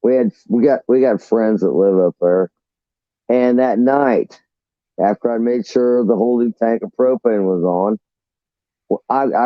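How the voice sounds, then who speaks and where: A man's voice: medium pitch, dry recording. A man calling in to a talk show and telling a long, rambling, profane story, tripping over his words as he goes. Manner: rambling, profane, restarts often. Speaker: caller. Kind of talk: casual storytelling on a call-in show. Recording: dull lo-fi line.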